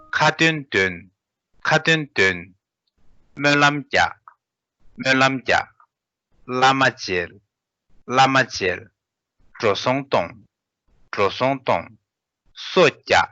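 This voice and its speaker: A man teaching a language lesson, saying each vocabulary word twice in a patient, steady way. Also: medium pitch, no echo, muffled recording.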